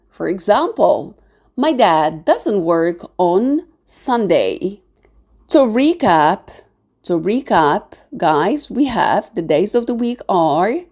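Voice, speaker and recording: A woman's voice: medium pitch, animated, slow pace, darkish tone. A woman teaching a beginner English lesson, spelling words out letter by letter, with some non-native phrasing.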